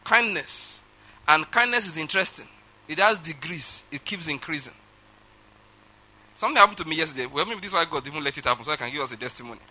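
A man's voice: a little high, animated, fast, pushed and bright, rough recording. A man preaching a sermon, telling a personal story and acting out phone calls with laughter. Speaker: pastor.

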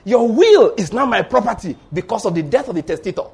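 Pastor guy preaching, high voice, kinda husky, really emphatic. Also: expressive, fast, few pauses, a little mellow. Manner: emphatic, exhorting with tag words like "oh". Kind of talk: sermon.

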